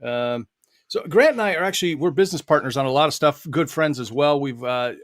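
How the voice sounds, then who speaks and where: A man hosting an online live stream, chatting loosely with guests, laughing often and filling pauses. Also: fairly high pitch, fairly bright tone, no echo, clean studio sound. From United States. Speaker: host and author. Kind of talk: casual live stream chat.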